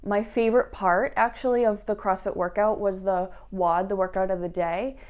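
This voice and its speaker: A young woman talks straight to her camera, sharing her own story in a loose, chatty way. She leans on "like" and "um" as she goes. Her voice sits at a middle height, neither high nor low. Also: steady tone, normal speed, darkish tone. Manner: chatty, lots of fillers like "like" and "um". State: tearful at moments. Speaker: fitness vlogger. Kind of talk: personal vlog talk.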